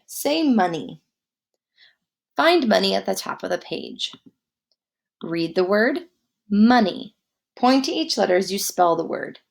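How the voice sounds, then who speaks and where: Slow, gravelly-voiced spelling teacher woman. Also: medium pitch. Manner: slow, deliberate dictation, spelling words letter by letter. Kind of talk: guided spelling lesson.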